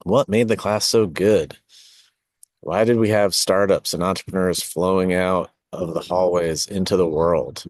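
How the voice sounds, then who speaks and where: A man's voice: deep voice, dry recording, studio quality. A middle-aged man, a podcast host and design teacher, reading his own essay aloud in a reflective way, with asides and self-corrections.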